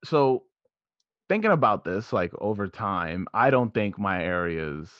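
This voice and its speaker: A man's voice: lowish voice, big pitch swings, unhurried, no room sound, highs cut off. A man in his thirties from New York, a podcast guest in casual chat who is laid-back and laughs often.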